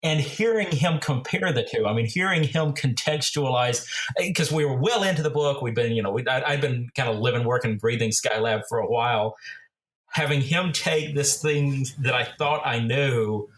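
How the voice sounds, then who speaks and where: A man of middle pitch talks as a podcast guest about his book. He rambles with restarts and fillers, growing animated as he tells his stories. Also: normal speed. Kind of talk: casual interview talk.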